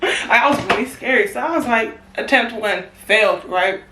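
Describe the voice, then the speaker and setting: A young woman in a casual storytime vlog, animated and slangy, swearing and laughing often. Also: on the high side, moderate pace, background noise. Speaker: vlogger. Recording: roomy echo.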